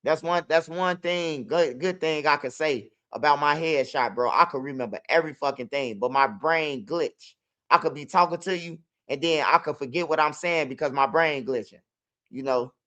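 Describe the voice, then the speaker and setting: A man's voice: a little high, moderate pace, pushed and bright. A young man with a Chicago accent telling street stories in loose, profane casual talk. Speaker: interviewee. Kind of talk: casual storytelling.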